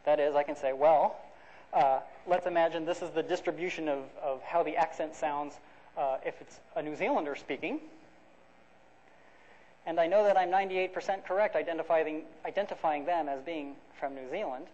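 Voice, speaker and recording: A man with a fairly high, darkish voice lectures at a moderate pace in a lecture hall, explaining step by step with frequent fillers and restarts. The dull, lo-fi recording has a little hiss or hum.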